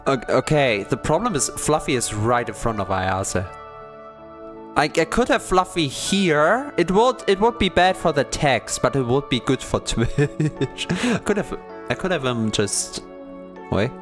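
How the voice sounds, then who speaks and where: A streamer playing a visual novel live, chatting and musing aloud about the story, giggling often and sometimes breaking into high excited squeals. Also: unhurried, over music. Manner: bursts into high excited squeals when greeting; reads game narration in a soft, low, dreamy tone. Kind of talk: live-stream gameplay commentary.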